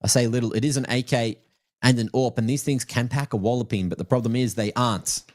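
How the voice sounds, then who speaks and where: A man's voice: medium pitch, steady tone, fast, a little mellow. A man casting a live esports match with play-by-play and playful, teasing asides. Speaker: esports caster.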